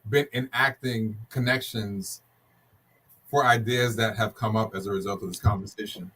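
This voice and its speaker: A man speaking as a podcast guest, calmly explaining business plans in a casual chat. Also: on the low side, moderate pace.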